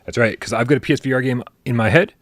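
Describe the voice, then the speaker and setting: A man's voice: medium pitch, rapid-fire, a bit bright, dry recording, clean studio sound. A man hosting a casual live stream, chatty and joking as he reads out viewer tips. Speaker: podcast host.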